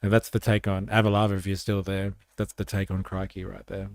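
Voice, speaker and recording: A man's voice: low-pitched, monotone, a little fast, gravelly, no room sound, clean studio sound. An Australian man hosting a livestream, reacting to a clip with sarcastic jokes and reading out chat comments. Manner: joking, sarcastic, reads chat aloud. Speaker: livestream host.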